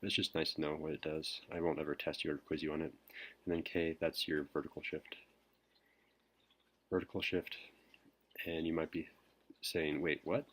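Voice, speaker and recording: A man teacher whispering a recorded math lesson, hesitant with frequent pauses. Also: rumbling low, flat delivery, husky. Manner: whispering softly; hesitant, many ums.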